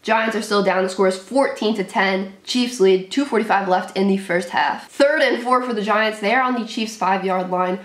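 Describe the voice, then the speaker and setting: A woman's voice: mid-range voice, normal speed, hardly any pauses. Young woman fan doing play by play of a football game, jittery and tense, short choppy calls, roomy echo. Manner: nervous play-by-play, shrieking at big plays; calls plays in short clipped sentences. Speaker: sports fan commentator. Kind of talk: live game reaction commentary.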